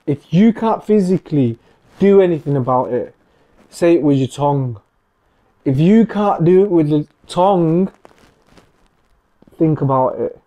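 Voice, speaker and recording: A man from Manchester with a Mancunian accent hosts a podcast conversation, speaking earnestly and with passion. His voice is on the high side, animated and mellow, unhurried with long pauses, and the highs are cut off.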